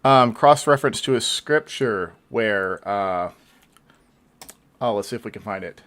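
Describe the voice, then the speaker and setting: A male host giving thoughtful reaction commentary, pausing often with hesitant fillers. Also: fairly low pitch, expressive, a bit bright.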